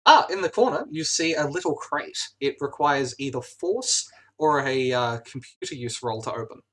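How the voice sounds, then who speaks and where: Hesitant game master narrating a tabletop game. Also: male voice, on the high side, animated, moderate pace, a bit bright. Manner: hesitant, many "uh" fillers.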